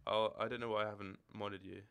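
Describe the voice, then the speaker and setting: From his room at home among football shirts and drawers, a young Scottish streamer chats rambling and casual, fielding chat questions as they arrive. He talks fast in a smooth, fairly bright voice on the low side with a level tone.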